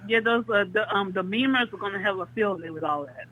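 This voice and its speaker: A woman's voice: mid-range voice, fast talker, a bit bright, dry recording, rough recording. A woman calling in to a talk radio show, chatty and agreeable, with frequent uh-huhs. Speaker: caller. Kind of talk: phone-in chat.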